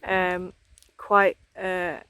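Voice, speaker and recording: A woman's voice: fairly low pitch, monotone, very slow, pushed and bright, slight background noise. A woman chatting casually for a travel vlog outdoors, with many hesitations and ums. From England. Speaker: vlogger. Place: outdoors in hills.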